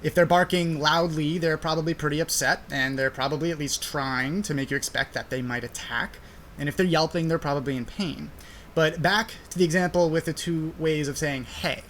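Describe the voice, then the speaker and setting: A man's voice: fairly high pitch, moderate pace, a bit bright, slight background noise. Young man explaining science casually. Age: young adult. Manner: conversational, many fillers. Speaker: podcast host.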